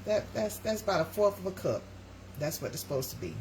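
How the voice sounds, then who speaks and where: A woman's voice: fairly low pitch, very animated, a little fast, a little mellow, slight background noise. A middle-aged woman hosting a casual live stream from her home kitchen, rambling and chatting to her viewers.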